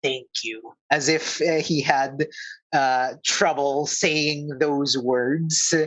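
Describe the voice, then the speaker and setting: An Australian man running a tabletop game, narrating slowly and haltingly with many pauses. His delivery is unhurried and searching. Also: on the high side, fairly even intonation, fairly bright tone, rough recording. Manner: halting, full of fillers and restarts. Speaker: game master.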